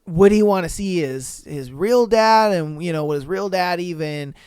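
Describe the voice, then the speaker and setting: A man hosting a podcast, reading posts aloud and reacting bluntly in slangy talk with loud exclamations. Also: sits high, normal speed, clean tone, no room sound, clean studio sound. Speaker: podcast host.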